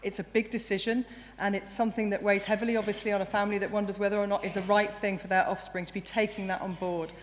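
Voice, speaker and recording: A woman's voice: mid-range voice, little pitch movement, quick pace. Earnest woman speaking in a big hall. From England. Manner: earnest, restarts and corrects herself. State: croaky, emotional. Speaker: university chancellor giving graduation address. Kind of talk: ceremonial speech. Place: large hall. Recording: reverberant hall, light background noise.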